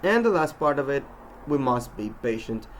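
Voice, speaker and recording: A man giving an instructional talk on pronunciation, speaking in a measured way with frequent um and uh fillers. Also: mid-range voice, big pitch swings, a little hiss or hum. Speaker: English pronunciation teacher.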